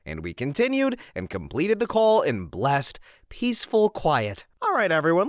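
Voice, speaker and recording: A man reading stories aloud with lively, expressive narration and his own comments between them. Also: on the high side, normal speed, few pauses, no echo, studio quality. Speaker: story reader.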